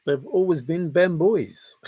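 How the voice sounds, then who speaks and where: A man's voice: on the high side, expressive, slow pace, warm tone, husky, no room sound. A man hosting a casual livestream, reading chat and greeting viewers by name in a jokey, chatty way. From half Italian, half Scottish heritage.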